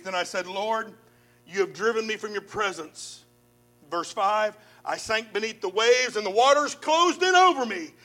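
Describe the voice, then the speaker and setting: A man preaching a sermon, reading scripture dramatically with loud swells and sudden soft drops, then speaking directly to his listeners. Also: very high voice. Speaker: pastor.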